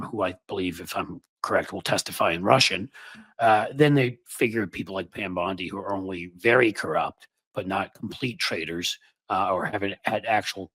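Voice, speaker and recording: A man's voice: on the low side, a bit bright, slightly rough, no room sound. A man hosting casual political commentary, talking in a sarcastic, mocking way.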